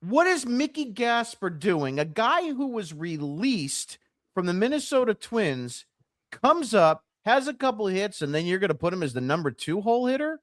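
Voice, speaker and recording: Male podcast co-host, animated blunt arguing, dry close sound. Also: high-pitched, normal speed, no room sound. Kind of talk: sports podcast discussion.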